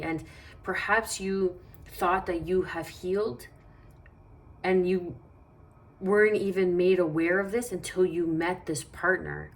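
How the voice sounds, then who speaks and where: A woman giving a casual tarot reading, talking in a meandering, reassuring way and thinking aloud as she goes. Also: lowish voice. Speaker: tarot reader.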